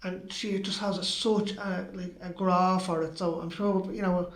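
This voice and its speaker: A man's voice: high-pitched, level tone, a little slow, roomy sound, poor audio. A middle-aged Irish man co-hosting a podcast, chatting casually and agreeably. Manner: agreeable, chimes in often. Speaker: podcast co-host. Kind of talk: casual chat.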